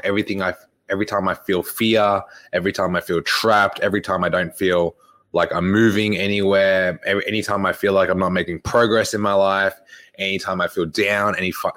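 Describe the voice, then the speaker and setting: Young aussie fitness guy on a podcast, really low voice, swears a lot, rambles and laughs. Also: a bit bright. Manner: rambling, profane, laughs often. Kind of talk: casual storytelling monologue.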